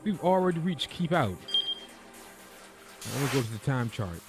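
A man hosting a game playthrough, casually chatting and reading the story text aloud at a steady, relaxed clip. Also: medium pitch, moderate pace, over loud music. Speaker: gaming channel host.

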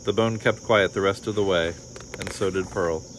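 A man reading a children's picture book aloud in a calm, measured storytelling voice. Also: deep voice, slight background noise, poor audio.

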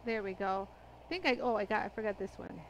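A woman's voice: mid-range voice, fast talker, background noise. A woman hosting a live product demonstration, chatty and laughing often as she greets viewers by name. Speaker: livestream demo host.

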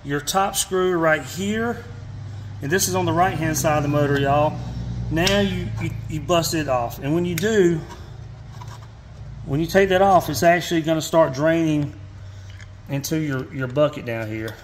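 A fishing channel host from Georgia talks through a hands-on repair in a casual how-to, his Southern accent thick with folksy charm, frequent "y'all," fillers, and restarts. His voice is on the high side and measured in pace, with slight background noise.

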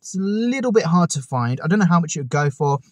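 A man's voice: fairly high pitch, very animated, quick pace, no room sound. A man hosting his own car channel, talking casually to camera outdoors, enthusiastic and full of chatty asides. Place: outdoors on a hot day. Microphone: camera on a tripod.

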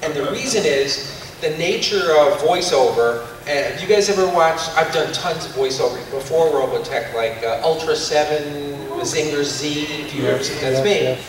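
A man on a convention panel, telling lively anecdotes with laughs, heard from far off in an echoey hall. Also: on the high side, moderate pace, a little hiss or hum. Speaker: voice actor panelist.

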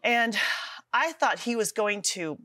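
A woman's voice: a little high, expressive, slow pace, sharp tone, no room sound. A middle-aged woman, a guest author, telling her story earnestly with self-deprecating humor on a talk show. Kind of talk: testimony in a studio talk show.

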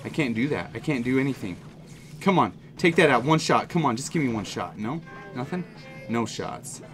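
A man giving excited, jokey running commentary on his own mobile game, talking straight to his viewers. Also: medium pitch, normal speed, faint music behind. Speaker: gaming channel host. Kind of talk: live gameplay commentary.

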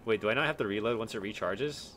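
A young man from Texas giving live commentary on a shooter game, excitable, swearing and yelling at enemies. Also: fairly low pitch, quick pace. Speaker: gaming streamer.

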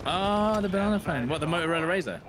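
A man's voice: high-pitched, fast, crowd noise. A man joking around while playing a video game with friends, in casual gaming banter. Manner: joking, playful, animated. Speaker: gamer co-player.

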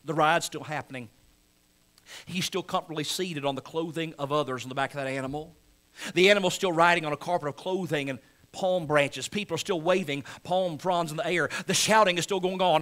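A male pastor preaching a sermon dramatically, moving from hushed lines to loud shouts and acting out crowd voices. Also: fairly high pitch, brisk. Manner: acts out crowd and Pharisee voices.

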